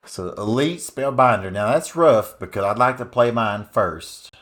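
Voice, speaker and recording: A card game streamer, a man with a medium-pitched voice, puts on a loud, folksy rural Southern US character for his gameplay commentary. Expressive and unhurried, he drawls, hollers, and lets out swearing exclamations.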